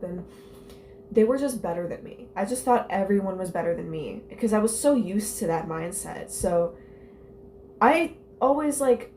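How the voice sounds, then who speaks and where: A woman's voice: medium pitch, a little mellow, a little hiss or hum. A young woman telling stories and reading her old journal aloud in a casual vlog. She is candid and self-mocking, and her talk rambles with lots of "like" fillers. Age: young adult. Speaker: vlogger.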